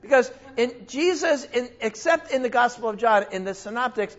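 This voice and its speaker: Male Bible teacher, high voice, animated with sudden exclamations and self-corrections, dull lo-fi recording. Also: normal speed.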